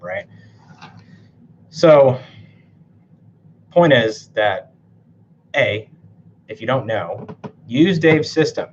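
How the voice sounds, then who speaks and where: A man's voice: mid-range voice, expressive, extremely slow, long pauses. Blunt, foul-mouthed male coach in casual talk to camera; dull lo-fi recording, light hiss. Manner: blunt, swears a lot, tags sentences with "right?". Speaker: typology and NLP coach.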